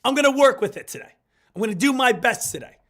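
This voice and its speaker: A hoarse man, getting over an illness, giving hyped, repetitive live market commentary as a stock trading streamer. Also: extremely high pitch, lively intonation, fast talker, fairly bright tone.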